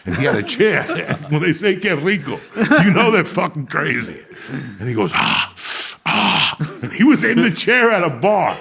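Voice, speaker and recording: A middle-aged man from Cuba, telling profane stories in an animated, casual chat as host. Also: fairly high pitch, moderate pace, creaky, breathy edge. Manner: animated, profane storytelling with Spanish asides. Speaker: podcast host.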